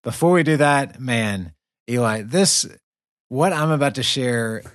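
A male podcast host with a medium-pitched, expressive voice speaks unhurriedly, recorded remotely for a virtual studio with clean studio sound and no room sound. He tells a story in a casual, upbeat chat full of fillers and laughter.

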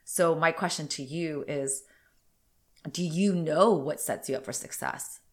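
A woman's voice: sits low, a little slow. A woman in her thirties hosting a podcast alone, chatting in a rambling, candid way and sounding a little congested. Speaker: podcast host. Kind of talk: casual solo podcast chat.

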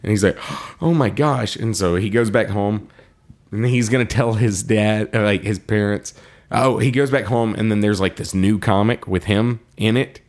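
A man co-hosting a podcast, casually retelling a story, laughing often and acting out the characters' lines in quick quoted voices. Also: fairly low pitch, steady tone, a little mellow. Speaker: podcast co-host.

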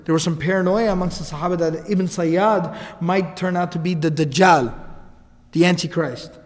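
A man's voice: high voice, moderate pace, big-room sound. A man telling a story as a casual lecture, acting out the quoted lines. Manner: animated, acts out quotes, casual asides.

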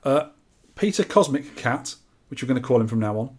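A man co-hosting a podcast in casual chat, quick and jokey banter. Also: medium pitch, expressive, darkish tone, husky. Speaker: podcast co-host.

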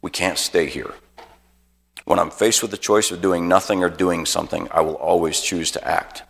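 A man's voice: low-pitched, fairly even intonation, normal speed, vocal fry, a bit bright, breathy edge, big-room sound, pitched below the performer's own voice, full character voice. A man voicing a stern, resolute male Civil War colonel who gives firm, clipped commands.

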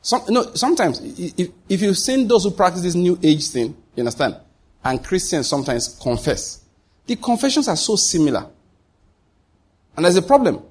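A man's voice: high-pitched, very animated, normal speed, breathy edge. A man preaching a sermon as pastor, asking the congregation rhetorical questions and answering them.

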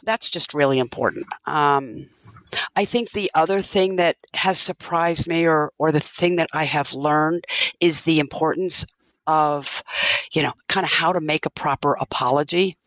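A woman's voice: deep voice, normal speed, fairly bright tone, no echo, rough recording. A woman business owner telling her story in an interview, earnest and reflective, often restarting her sentences.

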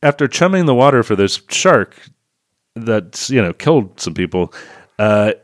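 A man co-hosting a podcast, recapping a movie in a sarcastic, animated way. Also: medium pitch, no room sound, studio quality. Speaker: podcast co-host. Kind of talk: casual movie review chat.

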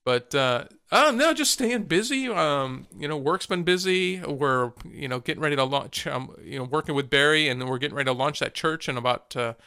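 A man's voice: a little high, animated, sharp tone, clear, resonant tone. A man co-hosting a podcast from Florida, chatting casually and joking around. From Florida, USA. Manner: joking, teasing, quick to laugh. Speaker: podcast co-host. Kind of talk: casual chat.

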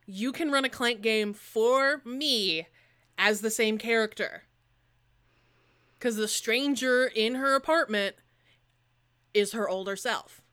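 A young woman co-hosts a casual podcast chat, talking in an animated, jokey way and laughing often. Her voice is bright, clear and pitched a bit high. She keeps the banter light and playful. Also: slow pace, long pauses. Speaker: podcast co-host.

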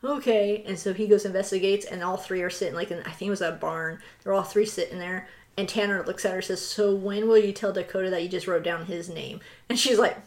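A woman's voice: mid-range voice, steady tone, fast talker, few pauses. A woman co-hosting a podcast, chatting casually, laughing often and acting out quotes. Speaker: podcast co-host. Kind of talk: casual chat.

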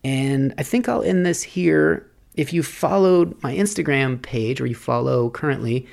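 A man's voice: medium pitch, unhurried, creaky, a little mellow. A man hosting a podcast, musing aloud in a rambling, philosophical solo monologue. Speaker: podcast host.

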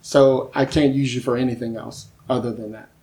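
Lively storytelling male screenwriter. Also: medium pitch, brisk. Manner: lively storyteller who acts out quoted voices; keeps asking "you know what I mean?". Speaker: screenwriter and podcast guest. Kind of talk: casual podcast conversation.

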